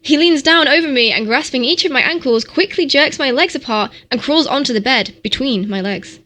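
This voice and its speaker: A woman's voice: sits high, animated, fairly quick, pushed and bright. A woman streamer reading a novel aloud in a mock-dramatic style, sometimes stumbling over words.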